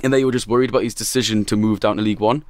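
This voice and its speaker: A man's voice: on the low side, steady tone, no echo. A man co-hosting a casual football podcast in a studio, blunt and sweary. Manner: quick, blunt, sweary banter. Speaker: podcast co-host.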